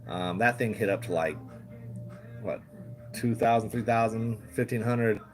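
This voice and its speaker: A man's voice: fairly low pitch, unhurried, soft background music. A man hosting a casual livestream, rambling, chuckling often and swearing freely. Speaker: livestream host.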